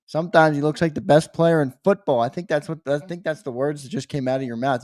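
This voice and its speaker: Ribbing, higher-voiced sports talk host. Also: male voice, fast, a little mellow. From Philadelphia area. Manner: ribbing, joking banter. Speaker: show host. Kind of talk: casual sports talk show.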